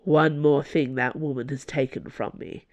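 A woman voicing a scheming, silver-tongued male noble held prisoner, speaking in a measured, wistful way. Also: low voice, steady tone, darkish tone, lo-fi sound.

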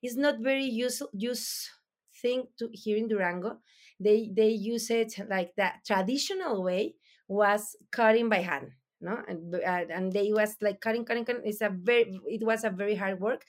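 A woman with a Mexican accent, a native Spanish speaker, explaining her production in halting English with many restarts as she searches for words. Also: mid-range voice. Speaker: mezcal producer. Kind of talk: interview answers.

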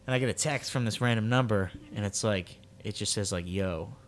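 A man's voice: on the low side, brisk, slight background noise. A young man co-hosting a podcast, telling a long story in a rambling, casual way with lots of fillers and acted quotes. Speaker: podcast co-host.

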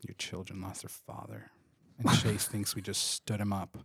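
A man's voice: low-pitched, normal speed, background noise. A man hosting a podcast, telling playful, jokey stories in casual chat. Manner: playful, jokey, animated storytelling. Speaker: podcast host. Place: room recording a podcast.

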